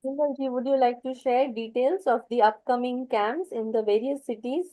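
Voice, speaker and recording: A woman's voice: a little high, moderate pace, warm tone, no echo, poor audio. A woman with an Indian English accent, politely moderating a panel and introducing questions. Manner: polite, formal. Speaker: interview host.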